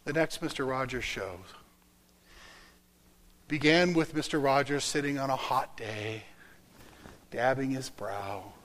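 A man preaching a sermon through a story, rising loud and then dropping to a whisper. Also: mid-range voice, slow pace, long pauses, low-quality recording. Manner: dramatic, swinging from loud to whispered.

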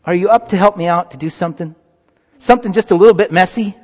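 In a church sanctuary, a male pastor gives a children's sermon and encourages the congregation to join a group activity. His voice sits high with a darkish tone and he talks fast, though the sound is muffled and reverberant.

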